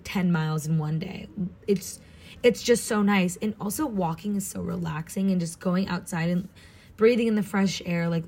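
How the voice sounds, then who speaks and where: In a casual vlog, a Southern Californian young woman who is studying abroad gushes bubbly about things, peppering her speech with "like." Her voice is mellow and on the low side, and she comes across as worn out from jet lag.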